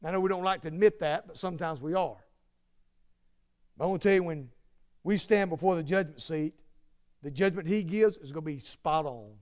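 Emphatic, high-voiced man preaching. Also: brisk, long pauses. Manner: earnest, emphatic, repeats phrases, swings from loud to hushed. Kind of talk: sermon.

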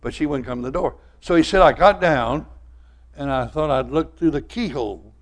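An older man preaching a sermon, telling folksy stories and swinging from loud to soft. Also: on the high side, moderate pace. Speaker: pastor.

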